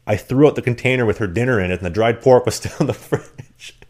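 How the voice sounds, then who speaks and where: A man telling rambling, animated stories in casual chat on a podcast. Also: medium pitch, fast talker. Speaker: podcast guest. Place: rented apartment.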